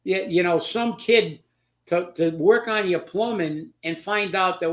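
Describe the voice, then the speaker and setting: A man's voice: high-pitched, unhurried, a bit bright. A man hosting a political commentary show, talking in a sarcastic, mocking way and laughing as he makes his points.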